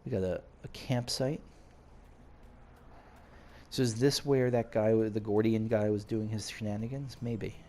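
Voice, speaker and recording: A man playing a video game and casually thinking out loud, now and then reading in-game notes aloud. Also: lowish voice, fairly even intonation, measured pace, pauses often, a little hiss or hum. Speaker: game streamer. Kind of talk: casual let's-play commentary.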